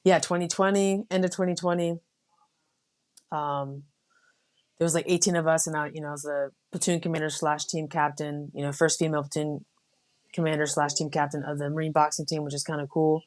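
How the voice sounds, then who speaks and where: A young adult woman from the United States, a Marine officer guest, telling stories in a relaxed, casual way with many fillers. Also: low voice, fairly quick. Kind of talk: casual interview.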